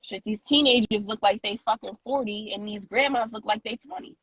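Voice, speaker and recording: A woman co-hosting a casual podcast, telling a story in an animated way with lots of fillers and restarts. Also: mid-range voice, a little fast, slightly rough, dry recording, low-quality recording. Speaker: co-host.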